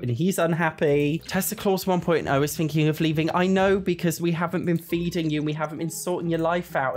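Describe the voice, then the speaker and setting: Let's play host, mid-pitched, exasperated and sweary, laughs a lot, casual commentary.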